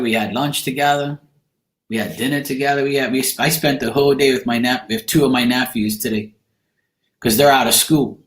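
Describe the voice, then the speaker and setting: A man's voice: medium pitch, a bit bright. A man chatting casually to camera, rambling and blunt, with casual swearing. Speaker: tarot reader. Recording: echoey room.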